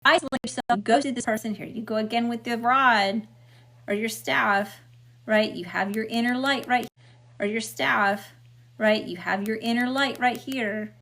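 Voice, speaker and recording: A woman's voice: fairly high pitch, fairly even intonation, normal speed, fairly bright tone. A middle-aged woman doing a casual spiritual tarot reading, emphatic and blunt, checking in with "okay?" and swearing freely. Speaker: tarot reader.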